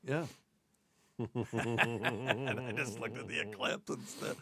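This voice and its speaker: A man's voice: mid-range voice, animated, takes it slowly, a crowd in the background. A man hosting a podcast as a doctor, telling a rambling, self-deprecating story in casual chat and laughing at himself.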